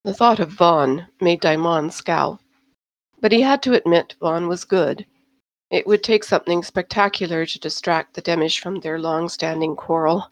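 A woman narrating a science-fiction novel in a steady, measured storytelling manner. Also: on the low side, no echo, low-quality recording. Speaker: audiobook narrator. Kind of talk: scripted narration.

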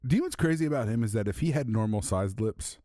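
A man's voice: on the low side, lively intonation, fast, mellow, no room sound, studio quality. A man co-hosting a casual sports podcast, loose and joking, laughing often. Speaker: podcast co-host.

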